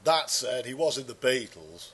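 High-voiced man with a stuffy cold. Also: expressive, normal speed. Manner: jokey, puts on silly voices, rambling. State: has a head cold and sore throat. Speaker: podcast co-host. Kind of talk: joking casual chat.

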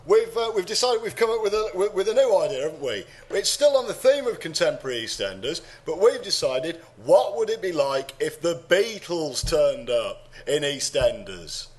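A man's voice: a little high, sing-song, moderate pace, few pauses. A man from England co-hosting a comedy podcast, rambling through casual chat and silly impressions. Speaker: podcast co-host.

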